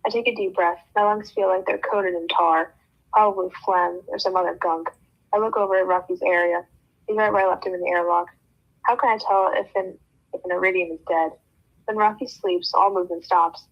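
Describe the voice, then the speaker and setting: A woman reading a novel aloud for a book club, breaking off now and then for joking comments. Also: fairly low pitch. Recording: dull lo-fi sound.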